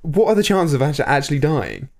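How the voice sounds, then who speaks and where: A male podcast co-host in casual chat. He is blunt and teasing and swears freely. His slightly high voice moves around a lot. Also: huge pitch swings, fast, a little mellow.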